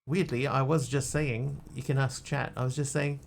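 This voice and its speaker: A man's voice: medium pitch, fairly even intonation, moderate pace, gravelly, few pauses. A man streaming a game, chatting casually and answering his chat as he plays. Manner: chatty, greets and answers chat while playing.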